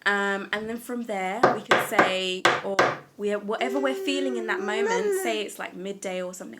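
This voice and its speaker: A woman speaking at home in a casual self-help talk, gentle and earnest, often restarting her sentences. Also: mid-range voice, animated, normal speed, few pauses, noisy background. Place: at home with a small child nearby.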